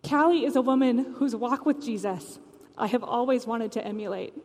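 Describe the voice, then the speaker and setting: A woman's voice: fairly high pitch, moderate pace, darkish tone, long reverb tail. A woman preacher giving a sermon, telling a personal story earnestly.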